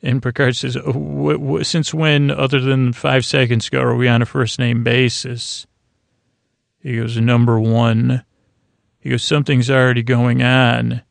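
A man's voice: medium pitch, flat delivery, normal speed, creaky, no echo. A man hosting a podcast, casually retelling a TV episode scene by scene, loose and rambling, with lots of fillers and restarts. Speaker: podcast host.

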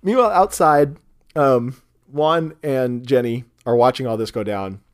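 A man co-hosting a casual comedy podcast, animatedly retelling a film's scenes and slipping into quick voices for the characters. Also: mid-range voice. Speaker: podcast co-host recapping a film.

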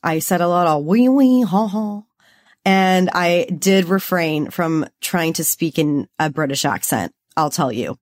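A woman's voice: deep voice, a little slow, hardly any pauses. Chatty woman podcast co-host. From Los Angeles. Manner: bubbly, chatty, says "like" a lot. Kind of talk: casual chat.

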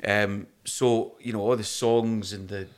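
A man's voice: on the low side, fairly even intonation, a little slow. Scottish man with a Falkirk accent. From Scotland. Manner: storytelling, swears freely, slips into quoted voices. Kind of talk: casual chat.

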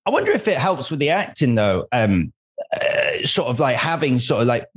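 A man from Leeds who speaks with a mostly neutral English accent, hosting a relaxed interview. His pitch swings a lot and his voice has a breathy, slightly husky edge. He rambles through jokey asides as he talks. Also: moderate pace. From Leeds, England. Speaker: interviewer, host. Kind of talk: casual interview chat.

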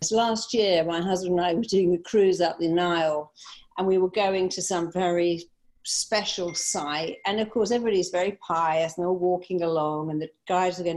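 Middle-aged woman, guest storyteller, lively and quick to laugh. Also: lowish voice. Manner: animated, anecdotal, laughing easily. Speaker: guest, therapist and speaker. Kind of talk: conversational storytelling.

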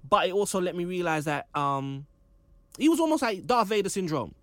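Man, casual podcast chatter, slightly higher voice, dry booth sound. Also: lively intonation, brisk, fairly bright tone, no room sound. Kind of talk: casual chat about a film.

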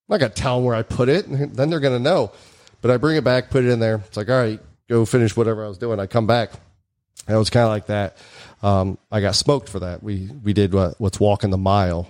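A man and former army bomb technician casually telling stories, acting out the people he quotes. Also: fast. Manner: animated, acts out quoted voices with big pitch jumps. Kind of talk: casual storytelling chat.

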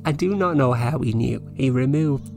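A woman's voice: a bass voice, normal speed, creaky, over music. Woman doing a rambling psychic lady. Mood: earnest. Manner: rambling confessional, earnest, dry. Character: eccentric middle-aged woman psychic. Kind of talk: comedic in-character reading.

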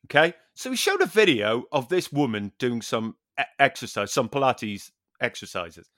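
Lively British man telling a story. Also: mid-range voice, moderate pace, dry recording, studio quality. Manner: animated, swears a lot, acts out dialogue. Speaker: podcast host. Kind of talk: casual storytelling.

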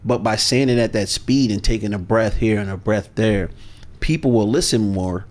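Deliberate, low-voiced male sales coach. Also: a little mellow. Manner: measured, deliberate and authoritative. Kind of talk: podcast interview talk.

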